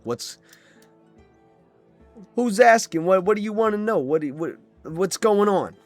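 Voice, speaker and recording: A man voices a fat male rat who runs a casino, answering defensively with stammering protests. The natural voice is fairly high, pitched above his own, with lively intonation and a moderate pace, over soft background music.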